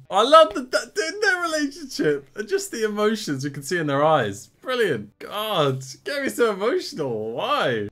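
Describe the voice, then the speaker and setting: A man's voice: high voice, very animated, measured pace, a bit bright, faint music behind. A man casually reacting to a film, exclaiming and laughing often. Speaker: movie reactor.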